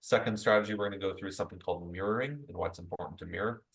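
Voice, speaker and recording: Lowish-voiced man coaching sales staff. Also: rapid-fire, a bit bright, poor audio. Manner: chatty, tags most points with "right?"; upbeat coaching tone, addresses group directly. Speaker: real estate sales trainer. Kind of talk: conversational training presentation.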